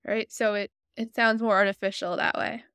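Smooth-voiced woman explaining software. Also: medium pitch, level tone, normal speed, no echo. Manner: friendly, explanatory, step-by-step. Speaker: tutorial host. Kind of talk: screen-recorded software tutorial.

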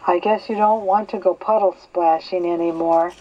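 A woman's voice: fairly low pitch, fairly even intonation, moderate pace, lightly acted. An older woman voicing a cheerful young boy squirrel in a storybook reading, amused and teasing. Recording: slightly dull lo-fi recording.

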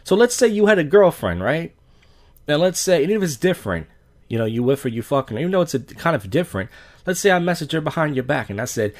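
Animated, profane male podcast host. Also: a little high, fast talker. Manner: blunt, profane, acts out dialogue. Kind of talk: casual storytelling rant.

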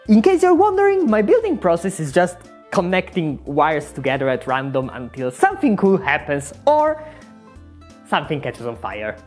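Woman, comic villain narration, hugely swinging pitch, husky, sarcastic. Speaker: YouTube maker.

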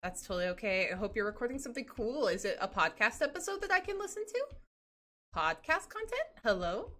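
Bubbly high-voiced woman streamer. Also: big pitch swings, brisk, a bit bright. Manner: bubbly, chatty, reads chat aloud, laughs often. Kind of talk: casual livestream chat.

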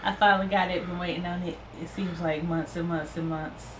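Worn-out woman vlogging, subdued and slow, echoey room with noise behind. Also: steady tone. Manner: low-key, subdued delivery. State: tired, new mother. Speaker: vlogger sharing ancestry results. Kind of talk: casual chat.

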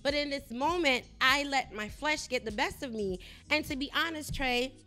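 A middle-aged woman hosts a Christian talk show, recounting a personal faith story with lively, animated storytelling. Her voice is bright and a touch high. Faint music plays underneath. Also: moderate pace. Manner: animated storytelling, rising loud when reenacting herself.

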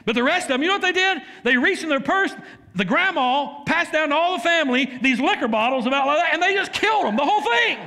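A man preaching a sermon as pastor, telling stories with laughs and sudden shouts. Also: very high-pitched, quick pace. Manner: animated storytelling, laughs and shouts while acting out scenes. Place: church sanctuary. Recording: long hall reverb.

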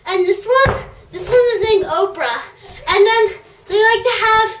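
A woman putting on the voice of a young boy nephew showing off his action figures, halting and sing-song, recorded in an echoey room from a distance. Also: very high voice, background noise. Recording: echoey room, far from mic.

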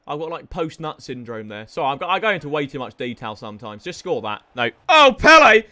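A young man commentating on his own football video game, excitable and sweary, often shouting at the players. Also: medium pitch, fast. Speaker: gaming streamer. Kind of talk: live gameplay commentary.

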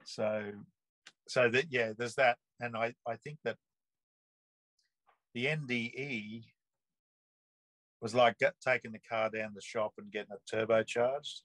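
A man, telling a personal story in a relaxed, rambling way full of earthy slang and restarts. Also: mid-range voice, measured pace, pauses often, dry recording, low-quality recording. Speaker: interview guest. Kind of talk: casual storytelling.

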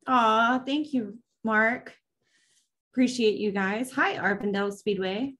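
A woman's voice: a little high, slow pace, a bit bright. A woman hosting a racing recap show in a casual live stream, chatting and greeting viewers by name.

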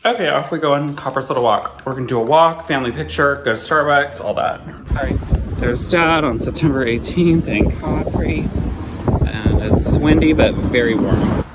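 A man's voice: mid-range voice, moderate pace. A man hosting a family vlog, chatting upbeat to the camera. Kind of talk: casual vlog narration. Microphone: handheld phone camera. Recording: noisy phone video audio.

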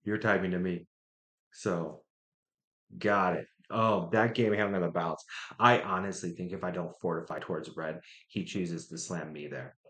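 A man streaming a strategy game, thinking out loud, muttering to himself and trash-talking opponents. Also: low-pitched, steady tone, normal speed. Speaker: gaming streamer. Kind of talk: live gameplay commentary.

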